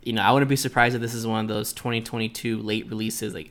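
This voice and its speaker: A man's voice: on the low side, level tone, quick pace, a bit bright. A man hosting a podcast alone, speculating in a casual, loose way. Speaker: podcast host. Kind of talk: solo podcast commentary.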